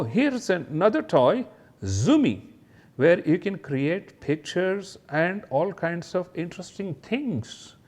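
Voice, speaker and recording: A man teaching kindergarten children, talking straight to them about letters and toys in a slow, sing-song way and imitating sounds. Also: high voice, darkish tone.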